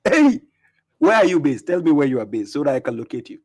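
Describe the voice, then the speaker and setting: A man's voice: medium pitch, lively intonation, rapid-fire, a little mellow, husky. A man with a Ghanaian accent hosting a live debate stream with callers, taunting and laughing often. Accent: Ghanaian English.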